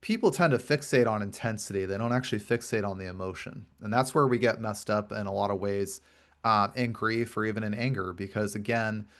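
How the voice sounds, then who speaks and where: A male podcast host who is also a grief coach talks briskly in a lowish voice during a conversational interview. He explains things earnestly and at length, often repeating words.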